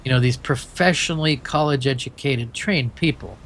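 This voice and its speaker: A man with a light Maine accent and a hint of Southern drawl chats loosely as a streamer, rambling with many restarts in a middle-pitched voice. A faint hum of engine noise sits behind him. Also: normal speed, a bit bright, poor audio. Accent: light Maine with a touch of Southern. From Maine, USA. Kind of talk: casual chat while playing a driving game.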